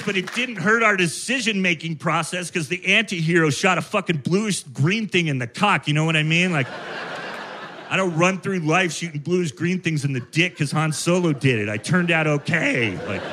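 A man in his fifties doing a profane, ranting stand-up comedy set on stage before a live audience. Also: fairly high pitch. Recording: live set with loud crowd and room noise. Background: audience laughter.

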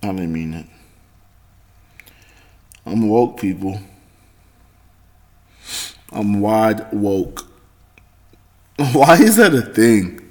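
A man's voice: takes it slowly, long pauses. Rambling, foul-mouthed man on a podcast. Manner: rambling, heavy swearing, self-correcting; swings between loud excited and low mutters. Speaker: podcast host. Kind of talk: casual solo monologue.

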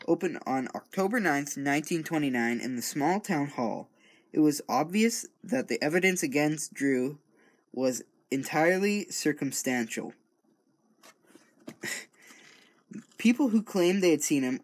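A man casually reading a true-crime account aloud, often stumbling over words, correcting himself and breaking off into joking asides. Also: fairly high pitch. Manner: stumbling, self-correcting, rambling. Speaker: true-crime reader and commentator. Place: home recording studio.

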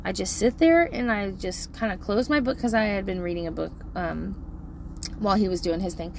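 A middle-aged woman telling a parenting story in a casual, animated, profane way, laughing often. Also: medium pitch, moderate pace, gravelly, noisy background.

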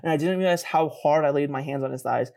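Animated self-mocking young man. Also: fast talker, vocal fry. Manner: animated, self-mocking, laughs often and jumps higher in pitch. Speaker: podcast co-host. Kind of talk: casual storytelling chat.

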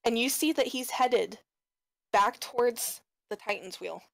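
A woman running a tabletop game as game master, setting scenes in a measured, descriptive way. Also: on the high side, vocal fry, noisy background.

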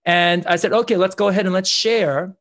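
A man's voice: sits high, steady tone, a little fast, a bit bright. A man, a guest in an interview, telling a personal story earnestly, with frequent restarts.

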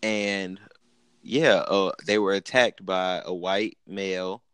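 A man's voice: deep voice, fairly even intonation, slow pace, fairly bright tone, clear, resonant tone, no echo. A man co-hosting a podcast, talking in a slangy, laid-back way and laughing often. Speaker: podcast co-host. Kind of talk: casual chat.

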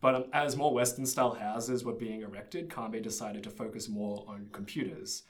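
A man's voice: fairly low pitch, normal speed, crowd noise. A young man telling a story in casual chat, easygoing and laughing often. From Australia. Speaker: presenter.

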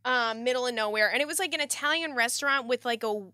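A woman's voice: on the high side, quick pace, bright, forceful tone, dry recording, studio quality. A young adult woman co-hosting a podcast in casual chat, playful, laughing often and teasing her friend. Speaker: podcast co-host.

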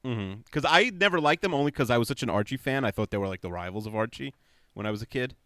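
A man co-hosting a podcast in casual chat, quick and dry, with a self-deprecating manner. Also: mid-range voice, animated, a bit bright, dry recording. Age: adult, past young-viewer age. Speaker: podcast co-host.

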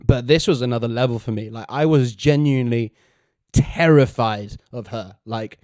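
A man's voice: medium pitch, moderate pace, mellow, no room sound, studio quality. A man co-hosting a casual podcast, recapping a TV episode and acting out characters' lines with animation. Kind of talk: casual chat.

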